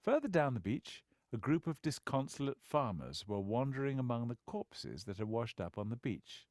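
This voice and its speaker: Expressive male audiobook narrator. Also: mid-range voice, normal speed, no room sound, clean studio sound. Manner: expressive storyteller, wry asides. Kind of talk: scripted narration.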